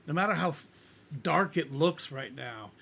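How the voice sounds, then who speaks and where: A man's voice: fairly high pitch, animated, normal speed, gravelly, fairly bright tone, slightly rough. A middle-aged man hosting a music reaction, talking earnestly in a rambling way with frequent restarts. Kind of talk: casual reaction commentary.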